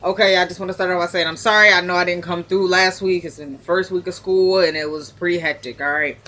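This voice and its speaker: A woman's voice: lowish voice, fairly even intonation, fast, bright, forceful tone. A woman chatting casually and off the cuff, recapping a TV episode for her viewers. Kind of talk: casual chat.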